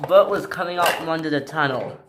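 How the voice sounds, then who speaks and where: A woman's voice: low-pitched, brisk, background noise. A woman narrating a toy train story in a plain storytelling way.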